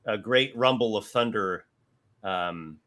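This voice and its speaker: A man narrating as a tabletop game master, unhurried and searching for words. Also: lowish voice, pushed and bright.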